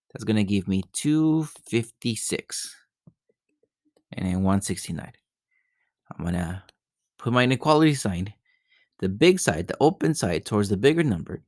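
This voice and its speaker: A man's voice: mid-range voice, no echo, clean studio sound. A male math teacher working through geometry problems step by step, often repeating himself and checking in with "right?". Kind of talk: recorded math lesson.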